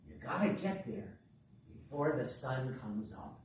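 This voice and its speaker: A man's voice: mid-range voice, animated, unhurried, far from the mic, slight background noise, voice pushed down, close to an everyday voice. A man voicing a blunt, impatient very old woman in a spoken story, talking in a brusque, matter-of-fact way. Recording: echoey room from afar.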